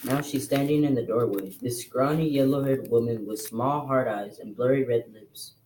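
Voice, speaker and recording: A man with a mid-pitched voice reads a novel aloud for a class. He narrates in a steady, plain manner, without flourishes. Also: normal speed, a little hiss or hum, low-quality recording. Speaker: reader.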